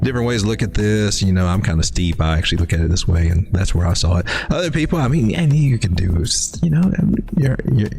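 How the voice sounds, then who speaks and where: Low-voiced man rambling through crypto charts. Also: expressive, quick pace, vocal fry, few pauses, darkish tone, soft background music. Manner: folksy and rambling, with lots of restarts. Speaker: crypto live stream host. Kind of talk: casual live market commentary.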